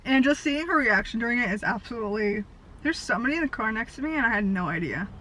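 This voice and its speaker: A woman in her twenties, a vlogger rambling through stories in casual chat, talking fast and animated with lots of "like", recorded in a car. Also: a little high, slight background noise, poor audio. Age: 20s. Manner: fast, animated storytelling with frequent "like". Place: parked car.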